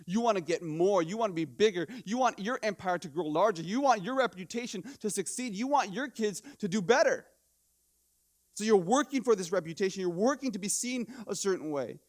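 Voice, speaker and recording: A man preaching in church with a high, lifted voice. He talks to the congregation in a lively, conversational way, throwing out rhetorical questions and tripping over quick restarts as his energy climbs. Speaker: pastor. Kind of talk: sermon.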